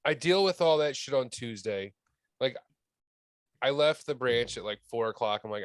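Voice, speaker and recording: A man's voice: medium pitch, animated, normal speed, smooth, no echo. A man telling a story on a podcast in a grumbling, heavily profane way. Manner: grumbling, heavy swearing. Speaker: returning podcast guest.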